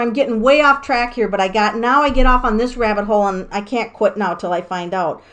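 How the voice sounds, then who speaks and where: A woman giving a casual tarot reading to her viewers, excitable and rambling, with laughs and the odd swear. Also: a little high. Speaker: tarot reader.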